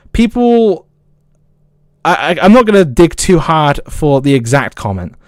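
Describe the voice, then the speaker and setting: Streamer, man, southern English accent, high lively voice, stuttering angry rant, dry close sound. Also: dry recording. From south of England. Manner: angry, swearing, excitable. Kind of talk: casual livestream rant.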